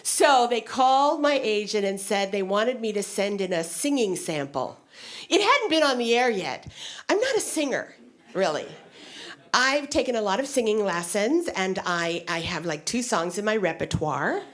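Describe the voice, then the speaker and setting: A woman performing a stand-up set, telling stories in an animated way with sudden high squeals, on stage with a handheld mic. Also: normal speed. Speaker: stand-up comedian. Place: stage before a live audience.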